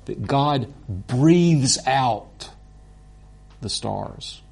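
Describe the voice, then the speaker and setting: A man teaching a Bible course in an earnest, deliberate way, openly moved by what he teaches. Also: medium pitch, expressive, vocal fry, a little mellow, slightly rough.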